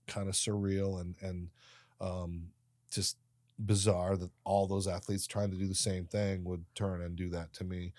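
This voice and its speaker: A man in his late fifties, a podcast guest who tells his life stories in an animated way and acts out the people in them. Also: on the low side, no room sound, studio quality. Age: 50s. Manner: animated storyteller, voices other people in his anecdotes. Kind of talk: storytelling interview.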